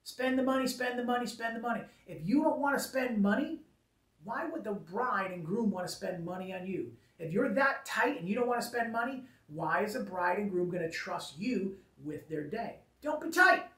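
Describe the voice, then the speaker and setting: A man's voice: high-pitched, lively intonation, moderate pace, a bit bright, far from the mic. Man, wedding photographer type; emphatic casual advice, hammers points home by repeating them; roomy sound, a bit away from the mic. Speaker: wedding photographer giving business tips. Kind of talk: casual advice talk to camera.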